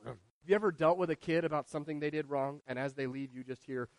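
Male pastor, high voice, lively preaching, rises and drops in volume, rhetorical questions. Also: fast talker, no room sound. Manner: animated preaching, shifting between loud and hushed. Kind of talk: sermon.

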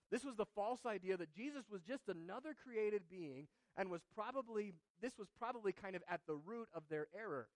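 High voiced pastor guy preaching, dry close sound, gets loud then real quiet. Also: no room sound. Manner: swings between loud emphatic proclaiming and soft hushed asides. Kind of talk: sermon.

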